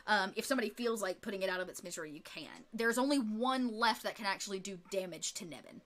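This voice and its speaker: A woman's voice: mid-range voice, quick pace, fairly bright tone. A woman narrating as game master in a casual tabletop game, chatty with many fillers.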